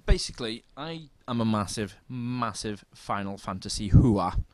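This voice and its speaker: A man co-hosting a podcast in casual chat, excitably telling stories and acting out quoted exchanges. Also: on the low side, moderate pace, no room sound. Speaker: podcast co-host.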